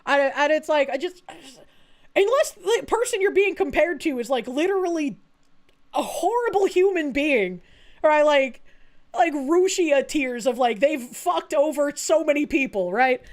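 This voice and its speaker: Young woman streamer, high voice, foul-mouthed, animated casual chat, laughs a lot. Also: normal speed. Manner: swears a lot, laughs often, animated storytelling. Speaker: VTuber streamer.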